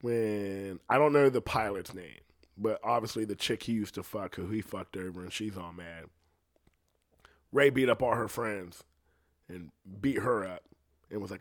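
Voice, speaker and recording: A young man, a singer, in a rambling casual monologue, swearing freely and jumping between excitement and low asides. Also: normal speed. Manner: profane, excitable, rambling with restarts. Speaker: singer ranting to camera.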